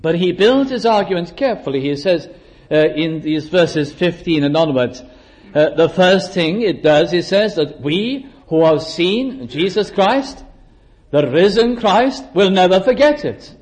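Measured preacher with a higher voice. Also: male voice, expressive, darkish tone. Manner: measured, slows down to stress scripture quotations; occasional throat clearing and restarts. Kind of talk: sermon. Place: church service.

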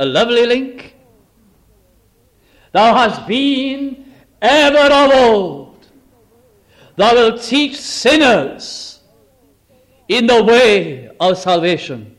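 A man preaching a sermon, earnest, rising dramatically and then dropping to a hush. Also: sits high. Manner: slow, earnest, with dramatic rises and hushed drops.

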